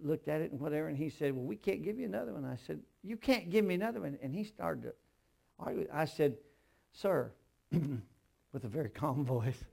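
An older man, preaching a sermon as pastor, swinging from hushed storytelling to loud emphatic bursts with humorous asides. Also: fairly high pitch, expressive, brisk, vocal fry.

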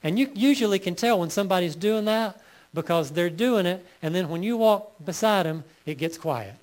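Preaching man, fairly high voice. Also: expressive, a little mellow. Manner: preaching with rising emphasis, reading scripture slowly. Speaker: pastor. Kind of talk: sermon.

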